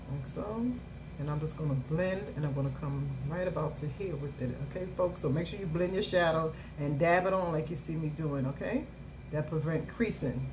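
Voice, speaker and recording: Low-voiced upbeat makeup vlogger woman. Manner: upbeat, repeats catchphrases and phrases over and over. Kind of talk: casual makeup tutorial. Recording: steady background noise.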